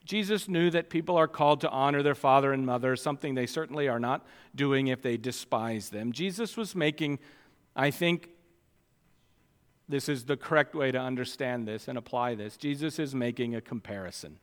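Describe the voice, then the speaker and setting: A man preaching a sermon, swinging between quiet asides and loud, emphatic declarations. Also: mid-range voice, moderate pace. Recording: long hall reverb.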